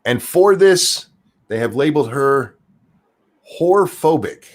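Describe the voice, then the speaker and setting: Southern male co-host, lively pitch, profane casual ranting delivery. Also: a little slow. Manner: animated, profane, repeats words when starting sentences. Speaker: podcast co-host.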